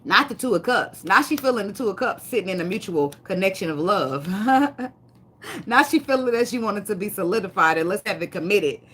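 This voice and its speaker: A woman's voice: mid-range voice, expressive, fairly quick, a bit bright, husky. A woman giving a casual tarot reading, blunt and profane, laughing often and sliding into dramatic sarcasm. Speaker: tarot reader.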